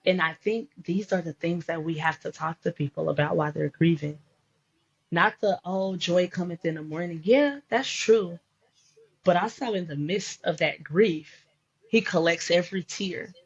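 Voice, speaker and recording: A woman life coach with a lowish, breathy-edged voice speaks at normal speed about faith and grief. Her storytelling is emphatic and preacherly, and the faith-based conversation comes through in dull lo-fi sound.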